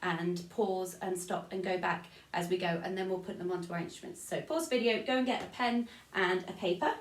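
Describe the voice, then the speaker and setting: A woman's voice: on the low side, brisk, far from the mic. A woman with an English accent teaching an online music lesson to children, counting beats aloud and singing short rhymes. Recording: echoey room, voice off-mic.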